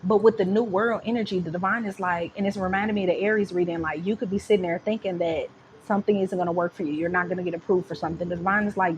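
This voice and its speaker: A woman giving a casual tarot reading, talking in an animated, slangy and profane way, with home background noise. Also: on the low side, fast. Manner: animated, slangy and profane, breaks into laughs and sung lines. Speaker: tarot reader.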